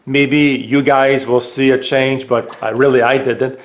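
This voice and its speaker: A man with a French accent, casually demonstrating a gadget at home, hesitant with many filler pauses. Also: medium pitch, flat delivery, echoey room, slight background noise. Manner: raises voice for voice commands. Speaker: tech reviewer. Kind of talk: casual product demo. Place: home room.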